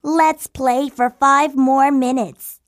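A woman's voice: high voice, fairly even intonation, slow pace. A woman voicing a curious, stubborn older boy frog in a children's storybook, speaking in a playful, insistent way. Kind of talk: storybook acting.

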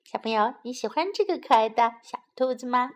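A woman narrating a bilingual children's story and teaching English words, gentle and teacherly. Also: fairly high pitch, expressive. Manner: slow, careful, gentle, teacherly.

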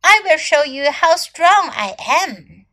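A woman voicing a proud, stubborn little female tortoise in a children's story, speaking slowly and with emphasis. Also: very high voice, expressive, sharp tone, pitched above the performer's own voice, exaggerated voice. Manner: slow, emphatic, storybook delivery.

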